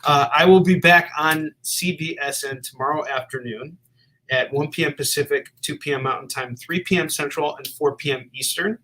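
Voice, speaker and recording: A man's voice: a little high, moderate pace, bright, forceful tone, rough recording. A man from the Midwest hosting a live comic book stream, chatting casually with a guest and plugging books, with plenty of fillers. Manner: upbeat, lots of fillers and plugs. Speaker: host of a live comic shop show.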